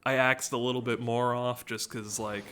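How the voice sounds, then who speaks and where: A man's voice: medium pitch, level tone, normal speed, sharp tone, a little hiss or hum. A man giving casual let's-play commentary, rambling, joking and breaking off his own sentences. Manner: rambling, joking, self-interrupting. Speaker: gaming video commentator.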